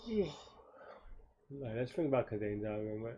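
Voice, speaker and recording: A weary man mutters his way through a coding problem, stopping and restarting as he questions his own ideas. His voice sits at an ordinary middle pitch, and he sounds drowsy and unhurried as he thinks aloud. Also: expressive, warm tone, lo-fi sound. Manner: halting, self-questioning, many restarts and trailing off. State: tired, yawning. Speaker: programmer solving a coding problem live.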